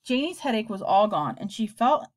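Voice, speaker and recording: Expressive woman reading a children's book. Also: medium pitch, moderate pace. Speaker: narrator. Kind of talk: audiobook narration of a children's book.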